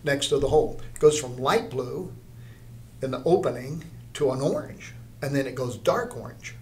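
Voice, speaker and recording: A man's voice: mid-range voice, expressive, normal speed, darkish tone, a little hiss or hum. An older man, an art teacher, telling a story in an interview, rambling, with many restarts.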